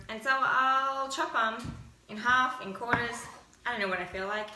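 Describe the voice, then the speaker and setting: A woman's voice: on the high side, moderate pace, noisy background. Chatty young woman cooking in an echoey kitchen. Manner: chatty, self-mocking, giggly. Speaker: cooking vlogger. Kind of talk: casual cooking chat. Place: home kitchen.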